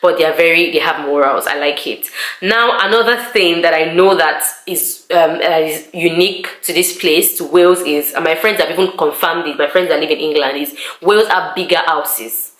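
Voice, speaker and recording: A young woman from Nigeria chatting casually to camera in a vlog, animated and acting out conversations she recalls. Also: low-pitched, normal speed, reverberant. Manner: chatty, animated, acts out quoted exchanges. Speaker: vlogger. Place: living room of student family accommodation.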